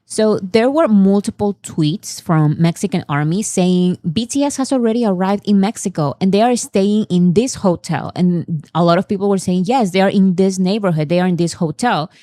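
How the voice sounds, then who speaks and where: A woman's voice: medium pitch, normal speed, few pauses, warm tone, dry recording, clean studio sound. A woman hosting a casual commentary, translating fan clips in a chatty way with fillers and restarts. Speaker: host.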